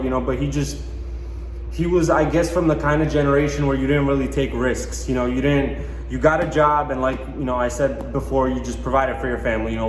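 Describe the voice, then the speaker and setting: A young man hosts a motivational talk, pushing his point hard with frequent swearing and plenty of filler words. His mid-pitched voice rings through a roomy space with a long reverb tail. Faint ambient noise sits underneath. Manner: emphatic, heavy swearing, rambling with fillers. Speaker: podcast host. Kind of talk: motivational monologue.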